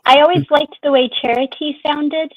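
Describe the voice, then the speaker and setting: A woman's voice: sits high, fairly even intonation, moderate pace, no echo, narrow, tinny audio. A woman streamer chatting casually in an open group conversation, musing and drawing out her phrases. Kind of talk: casual chat.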